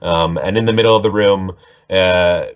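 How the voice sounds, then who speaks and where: A man's voice: sits low, steady tone, normal speed. A man narrating a tabletop game as game master, rambling with many fillers. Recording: dull lo-fi mic.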